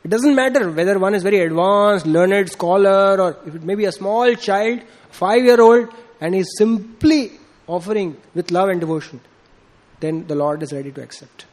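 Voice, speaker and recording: Here a man speaks at a normal speed, his voice a little mellow, as he gives an informal devotional talk. His story features acted-out dialogue delivered with a rising pitch, plus frequent fillers.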